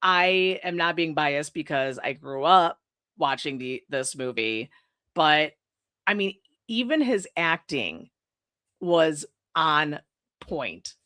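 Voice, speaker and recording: A young woman hosting a horror podcast, retelling a film plot in a profane, gossipy, casual way with quick asides. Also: deep voice, big pitch swings, bright, forceful tone, clear, resonant tone, no echo, studio quality. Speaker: podcast host. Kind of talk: casual film review chat.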